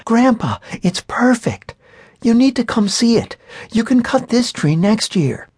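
A man voicing an excited little girl who pleads breathlessly in a high voice for a storybook. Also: measured pace, breathy edge, no echo, studio quality, full character voice. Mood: pleading.

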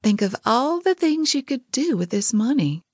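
A woman voicing an impatient, spirited petite young woman who speaks high and indignant. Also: big pitch swings, normal speed, no room sound, studio quality. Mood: pleading.

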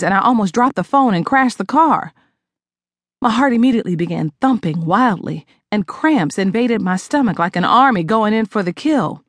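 A woman narrates a first-person novel with dramatic, expressive delivery. Her pitch moves a lot, sitting mid-range for a woman. The close studio mic gives a dry, intimate sound. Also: no room sound. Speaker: audiobook narrator.

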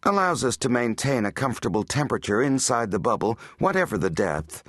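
A man's voice: medium pitch, big pitch swings, a little fast, dry recording, studio quality. A man voicing a cheerful woman tour guide giving rehearsed patter.

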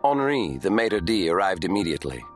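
A man narrating an audiobook thriller in an even, measured storytelling manner. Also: sits low, faint music behind. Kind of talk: scripted narration.

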